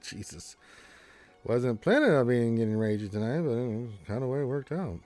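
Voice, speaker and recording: A man's voice: medium pitch, fast, darkish tone, no echo. A man hosting a casual gaming live stream, joking and rambling with lots of restarts into a close mic.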